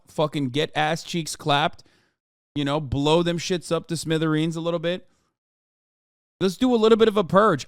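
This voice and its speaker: A man in his thirties hosting a livestream, reading and answering chat in a profane rant that swings from mumbling to yelling. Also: on the high side, clear, resonant tone, no echo, clean studio sound. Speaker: streamer.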